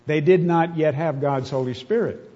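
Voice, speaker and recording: A man's voice: on the high side, normal speed, mellow. A man preaching a sermon, reading scripture aloud with earnest, emotional emphasis. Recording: dull reverberant hall.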